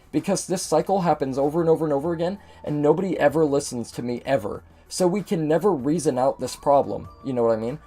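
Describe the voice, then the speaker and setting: A man's voice: fairly high pitch, mellow. A young man ranting in frustration and swearing freely while he plays a game and talks to his viewers. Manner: frustrated, profane venting. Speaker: gaming video host. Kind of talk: ranting commentary over gameplay.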